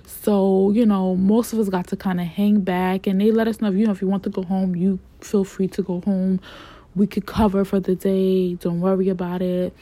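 A woman in her forties from New York, with a New York accent, tells a story casually in slangy, animated talk and acts out the quotes. Her voice is medium-pitched at normal speed, with no echo.

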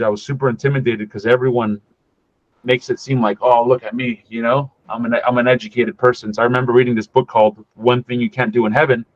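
A man from California tells his conversion story on a podcast with a mid-range voice, animated and casual, often slipping into the voices of the people he quotes. The sound is close and dry with no room in it, slightly dull and muffled. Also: mid-range voice, no room sound. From California, USA. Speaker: podcast guest. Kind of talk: personal faith testimony told as a story.

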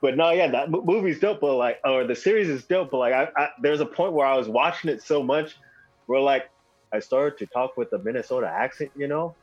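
Husky laid-back man. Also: medium pitch, fairly quick, highs cut off, soft background music. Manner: laid-back, profane storytelling. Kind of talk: casual chat.

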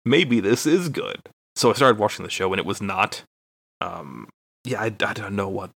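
A man's voice: fairly low pitch, normal speed, gravelly, bright, forceful tone, slightly rough, no room sound, studio quality. A young man from Texas, a podcast co-host, telling a rambling, profane, self-deprecating story in casual chat.

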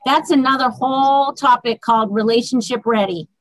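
A woman's voice: fairly high pitch, normal speed, fairly bright tone, no room sound, low-quality recording. A woman author as a podcast guest, chatting casually in an emphatic, colloquial way. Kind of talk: casual chat.

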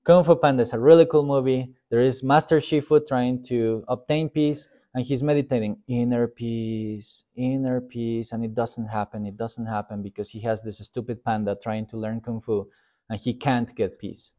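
A man's voice: medium pitch, fairly even intonation, normal speed, mellow. A man, a pastor, giving a casual Sunday school sermon in a conversational, self-deprecating way. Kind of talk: informal sermon.

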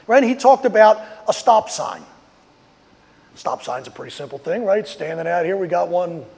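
A man's voice: high voice, long reverb tail. A man preaching a sermon outdoors, telling a story and acting out quotes with rising emphasis. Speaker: pastor. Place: outdoors on a street.

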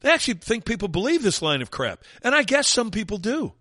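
A man's voice: high voice, big pitch swings, fast talker, sharp tone, no echo, clean studio sound. A man hosting a talk radio show, delivering a sarcastic, mocking rant in an opinionated monologue.

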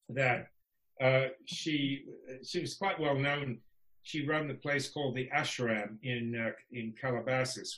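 A man's voice: mid-range voice, bright, forceful tone. A man talking as a podcast guest in casual conversation, wry and frank, laughing often. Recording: echoey room.

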